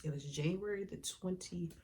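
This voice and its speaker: A woman with a somewhat low voice tells her own story to the camera in a heartfelt, conversational way. She uses colloquial grammar and at times sinks into a hushed whisper. A steady background noise sits under the recording. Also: a little fast, low-quality recording. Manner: sometimes drops to a hushed whisper. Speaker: vlogger. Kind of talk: personal storytelling.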